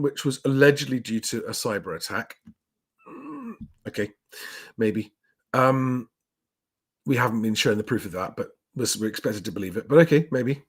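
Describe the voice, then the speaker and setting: A man hosting his property channel live, rambling and chatty as he runs through the week's news. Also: mid-range voice. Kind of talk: casual live commentary.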